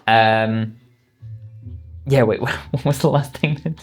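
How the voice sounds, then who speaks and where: Male game master, mid-pitched voice, casual and hesitant, lots of fillers and restarts. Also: steady tone, slow pace, faint music behind. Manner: hesitant, lots of ums and restarts, laughs often. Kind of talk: running a tabletop game, casual chat.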